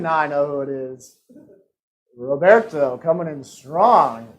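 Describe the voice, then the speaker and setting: A man hosting a live-streamed trivia game, reading out questions and answer choices with quick jokes and frequent laughs. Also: on the high side, rough recording. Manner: jokey, laughs often, reads out multiple-choice options. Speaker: trivia host.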